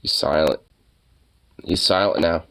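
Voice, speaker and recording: A man's voice: sits low, steady tone, unhurried, fairly bright tone, clean tone. A young man chatting casually to the camera and his dog, loose and profane, laughing often and full of fillers. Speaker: dog owner vlogger.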